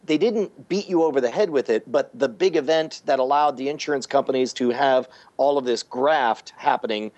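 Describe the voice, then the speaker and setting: A man speaking in a halting, hesitant way, full of fillers, as a talk show co-host. His voice is medium in pitch and comes through muffled and dry, with little room sound. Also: darkish tone, dry recording. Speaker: podcast co-host. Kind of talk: casual chat. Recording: dull, dry lo-fi audio.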